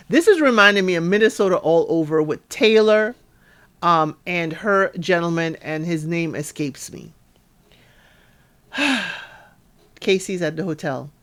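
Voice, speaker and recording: A woman, casually recapping a reality show and talking straight to her listeners in a chatty, sassy way. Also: lowish voice. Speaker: podcast host reviewing a reality show.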